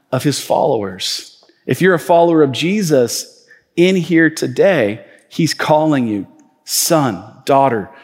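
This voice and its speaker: A male pastor preaching a sermon in a reverberant church auditorium. His voice sits fairly high, and he talks in a loose, storytelling way with plenty of fillers and restarts. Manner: conversational storytelling with many fillers.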